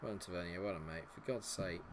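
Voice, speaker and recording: A man's voice: low-pitched, steady tone, quick pace, a little hiss or hum. Frustrated man swearing at a game. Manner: frustrated, swearing, sarcastic outbursts. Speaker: gaming streamer. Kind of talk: live game commentary.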